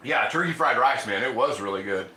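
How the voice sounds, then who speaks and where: A man's voice: medium pitch, bright, forceful tone, reverberant. A man hosting a casual cooking livestream, chatting loosely and eating as he talks. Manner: chatty, rambling, eats while talking.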